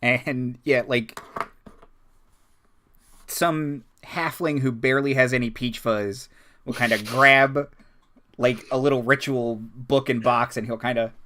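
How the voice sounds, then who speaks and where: A man runs a tabletop role-playing game. His voice is bright and forward, and he rambles loosely through his scene-setting with plenty of filler words. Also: mid-range voice, fairly even intonation, slow pace, pauses often. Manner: rambling, lots of ums and likes. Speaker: game master.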